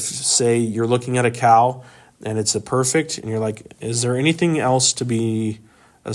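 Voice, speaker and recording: A man with a fairly low voice leads a men's Bible study, walking through grammar points in an informal, explanatory way. He pauses often with ums and uhs as he works through a worksheet in a meeting room.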